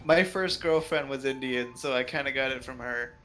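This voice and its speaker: A man's voice: mid-range voice, moderate pace, crowd noise. A man playing a tabletop game, chatting in a giggly, talkative way. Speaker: player. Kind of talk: casual game chat.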